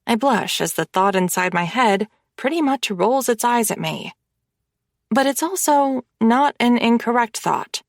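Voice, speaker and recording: A woman narrating a romance audiobook in the first person, with measured, intimate storytelling. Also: a little high, lively intonation, no room sound, clean studio sound.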